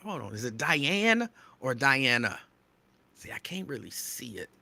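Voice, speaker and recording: Radio host, male, excitable near-yelling delivery, very bright voice, dry close mic. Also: medium pitch, measured pace, gravelly, no echo. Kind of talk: live show shout-outs to listeners.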